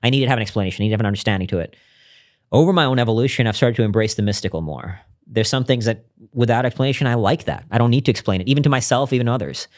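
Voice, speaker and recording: A man as a podcast guest, telling a personal story in an earnest, reflective way and often dropping to a hushed voice. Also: mid-range voice, very fast. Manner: earnest and reflective, drops to a hushed voice when recounting intimate moments. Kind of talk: conversational interview storytelling.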